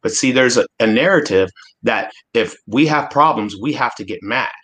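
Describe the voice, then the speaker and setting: A man's voice: medium pitch, normal speed, a bit bright. A man in his forties from Alaska, a guest speaking earnestly and emphatically in a casual discussion, often restarting his sentences. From Alaska, USA.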